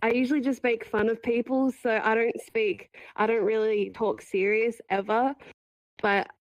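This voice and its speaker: A woman's voice: on the high side, fairly even intonation, moderate pace, no echo, low-quality recording. A woman with an Australian accent giving an informal eulogy at an online gathering, joking and laughing nervously. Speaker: eulogy speaker.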